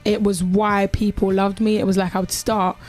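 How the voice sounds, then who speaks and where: A Jamaican-born woman in her twenties with a South London accent, a musician chatting in a casual radio interview, animated and full of slang. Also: medium pitch, moderate pace. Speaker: musician guest.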